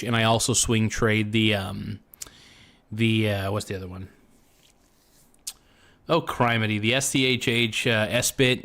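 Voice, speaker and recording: A man's voice: on the low side, fairly bright tone. A young man hosting a casual livestream and chatting in a rambling, joking way, full of fillers. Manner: rambling, laid-back, joking, many fillers. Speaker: show host.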